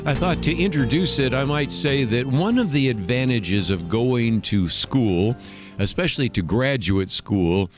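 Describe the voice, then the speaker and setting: A man's voice: medium pitch, lively intonation, a little slow, music in the background. A man hosting a talk radio show, giving conversational commentary and explaining history step by step.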